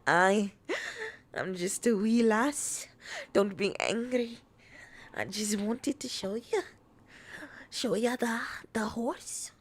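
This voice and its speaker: A woman's voice: mid-range voice, slow pace, long pauses. A woman putting on a timid Scottish wee lass. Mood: pleading. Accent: put-on Scottish.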